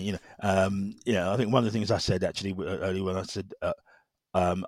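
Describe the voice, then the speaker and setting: Middle-aged man, very low voice, dry close sound, halting speech, repeats himself, lots of fillers. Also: no echo. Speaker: guest. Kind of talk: personal story in conversation.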